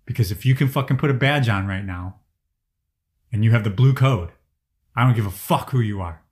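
A man's voice: on the low side, brisk. A man ranting angrily in casual conversation, swearing heavily as he vents. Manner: angry, profane ranting. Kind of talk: casual chat.

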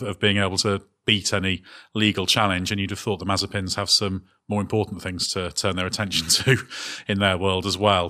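A man with a lower-pitched, bright voice hosting a casual motorsport podcast. He talks in a measured, hedging way and drops in wry little chuckles. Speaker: podcast host. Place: on location.

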